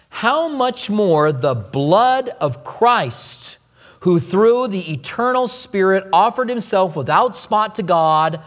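A male pastor preaching a sermon to a congregation, emphatic, swinging his pitch and pace and repeating phrases for emphasis. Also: fairly bright tone. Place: church sanctuary before a congregation. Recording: sermon with long hall reverb.

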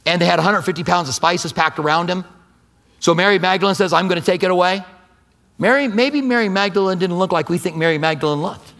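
A middle-aged male pastor preaching a sermon, telling a story with big swings between loud, animated stretches and hushed, quiet ones. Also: high voice, a little fast.

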